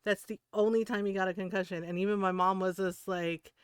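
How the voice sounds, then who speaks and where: Smooth-voiced woman, chatty storyteller. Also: medium pitch, fairly even intonation, a little fast, dry recording, studio quality. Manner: chatty storytelling, laughs often, lots of "like". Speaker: streamer. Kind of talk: casual chat while gaming.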